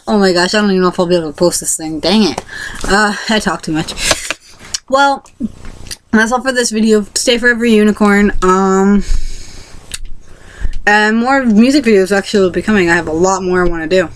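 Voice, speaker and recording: A woman's voice: fairly low pitch, fairly quick, rough recording. A young woman vlogger telling a personal story casually to camera, rambling with many fillers and restarts.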